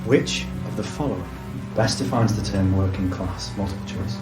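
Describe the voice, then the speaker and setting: A man hosting a live comedy quiz, playful and deadpan, laughing as he reads the questions. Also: lowish voice, moderate pace. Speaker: comedy podcast host running a quiz. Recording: echoey venue with loud music.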